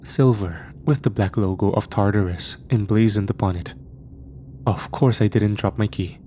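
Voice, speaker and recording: A man narrating a first-person horror story in a tense, measured way. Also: fairly low pitch, dark tone, a little hiss or hum.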